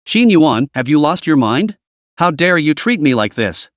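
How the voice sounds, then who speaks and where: A spoiled young woman snaps shrill, haughty commands in an animated, lively voice, as a male narrator puts her on. The reading is dry and close, with no room sound around it. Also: a little slow, no room sound. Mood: haughty, indignant.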